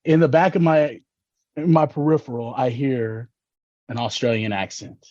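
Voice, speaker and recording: A man from Texas with a warm, mellow voice telling laid-back, rambling stories and laughing at his own jokes. The sound is close and dry, on a slightly dull, lo-fi recording. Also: mid-range voice, moderate pace, dry recording. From Dallas, Texas. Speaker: guest. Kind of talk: casual storytelling chat. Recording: slightly dull, lo-fi podcast audio.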